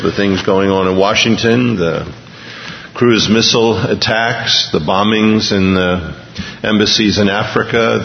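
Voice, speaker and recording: Low-voiced man preaching in an echoing hall. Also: a little hiss or hum. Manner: conversational preaching, reads news aloud, earnest. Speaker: pastor. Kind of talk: sermon. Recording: lo-fi recording with long hall reverb.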